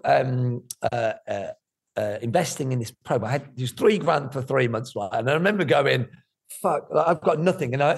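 A middle-aged man, talking candidly about his life in an interview, animated and swearing freely. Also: medium pitch, creaky, husky. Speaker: guest.

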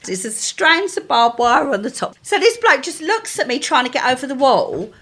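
A woman co-hosting a podcast, chatting and telling animated anecdotes. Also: moderate pace, breathy edge. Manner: animated storyteller, jumps high when quoting people. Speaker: podcast co-host. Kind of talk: casual chat and anecdote telling.

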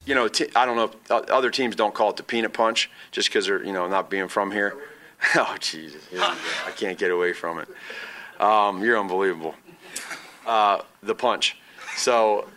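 Athlete at presser, low crisp voice, easygoing and rambling. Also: male voice, fairly even intonation, moderate pace, bright, forceful tone, slight background noise. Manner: laughing, rambling.

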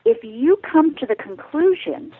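A woman's voice: high-pitched, expressive, unhurried. A woman speaking as a bioethicist guest on a radio interview, earnest and direct as she explains her advice. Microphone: telephone. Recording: tinny phone line.

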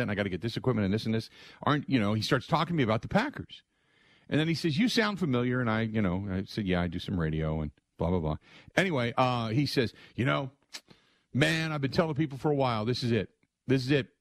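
A middle-aged man hosting a sports radio show, telling stories in an excitable, conversational way and acting out other people's lines. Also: medium pitch, no echo. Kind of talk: animated storytelling monologue.

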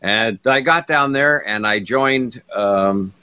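A man's voice: medium pitch, slow pace, clean tone. An older man, a guest broadcaster telling stories from his career in an interview and acting out the people he quotes. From Canada. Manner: animated storyteller who acts out quotes. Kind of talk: anecdotal interview storytelling. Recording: dull lo-fi recording.

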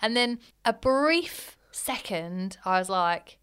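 A woman's voice: medium pitch, animated, slow pace, fairly bright tone, clean tone. A woman, co-hosting a casual podcast, chatty and often laughing. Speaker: podcast co-host. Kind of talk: casual chat.

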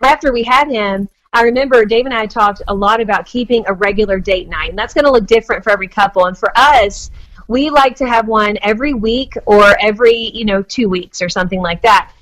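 A woman's voice: medium pitch, brisk, fairly bright tone, low-quality recording. Earnest woman guest in her forties. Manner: earnest, searching for words, many fillers. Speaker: marriage advice guest. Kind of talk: casual chat.

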